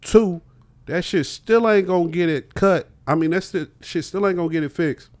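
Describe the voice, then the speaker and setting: A young man with a high, slightly mellow voice tells a story animatedly on a podcast at a moderate pace. He acts out both sides of an argument with quoted voices, laughing as he goes.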